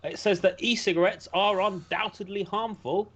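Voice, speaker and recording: A man from the United Kingdom co-hosts a relaxed podcast, chatting and reading news stories aloud. He drops sarcastic jokes into the reading. The audio is slightly dull and lo-fi. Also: high-pitched, normal speed. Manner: jokey, sarcastic asides while reading. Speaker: podcast co-host.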